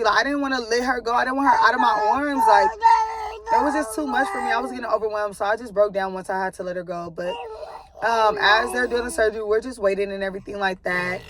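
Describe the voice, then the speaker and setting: A woman's voice: a little high, quick pace, noisy background. A young woman talking to camera in a rambling, casual way, with many likes and ums, telling her followers about her family. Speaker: vlogger giving a life update.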